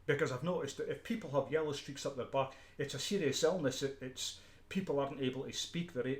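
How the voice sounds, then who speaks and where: A Scottish man giving an unscripted, emphatic ranting monologue as a street preacher, often repeating himself, restarting and clearing his throat. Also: medium pitch, echoey room.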